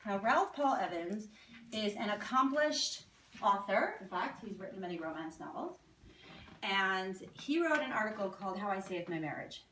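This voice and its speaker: A woman's voice: medium pitch, animated, normal speed, sharp tone. A woman giving a talk to a live audience as a guest speaker. She keeps drawing the room in with questions. Her voice comes from a distance in an echoey hall, with a faint hiss underneath. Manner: engaging, asks the audience questions.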